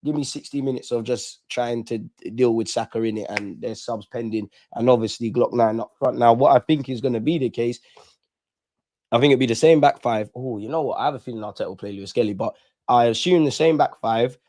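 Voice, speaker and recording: A man's voice: mid-range voice, fairly quick, darkish tone, no room sound. A young man, chatting casually and animatedly on a live fan stream, full of slang. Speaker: fan channel host.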